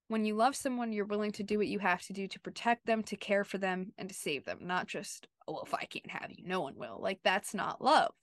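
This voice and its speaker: A woman co-hosting a podcast, talking in an easy, emphatic way and peppering her sentences with filler words. Her voice sits in a middle pitch, and the recording is dry, with no room sound. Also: no room sound. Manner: chatty and emphatic, lots of "like" and "you know". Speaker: podcast co-host. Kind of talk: casual chat.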